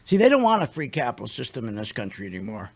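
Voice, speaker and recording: A man's voice: medium pitch, wildly swooping pitch, fast talker, creaky. An older man hosting a radio show, ranting in a blunt, indignant, rambling way.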